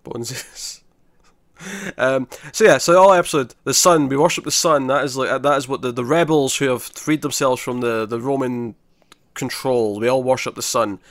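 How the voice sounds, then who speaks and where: A man, co-hosting a podcast in casual chat, retelling scenes in an animated way with many restarts. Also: medium pitch, normal speed, no echo, clean studio sound. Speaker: podcast co-host.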